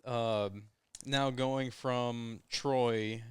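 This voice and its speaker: A man's voice: mid-range voice, steady tone, drawn-out words, smooth, no echo. A man hosting a podcast interview, asking short questions and giving brief prompts. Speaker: podcast host. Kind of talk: casual interview.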